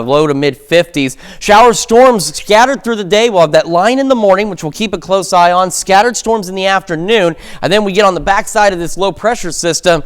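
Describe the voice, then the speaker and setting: A man's voice: sits high, clear, resonant tone. A man presenting the morning weather forecast on local TV in a casual, conversational way, with fillers. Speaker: meteorologist. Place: television news studio.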